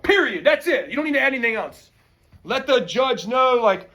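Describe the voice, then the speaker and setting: A male teacher giving an energetic, slangy classroom lecture and calling on students. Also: extremely high pitch, normal speed, distant mic. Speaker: high school history teacher.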